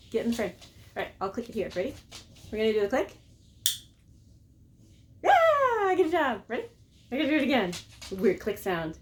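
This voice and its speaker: A woman's voice: fairly high pitch, a little hiss or hum. A woman dog trainer at home in her living room, explaining her method and coaxing her dog in a sing-song voice. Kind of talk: casual home training demo.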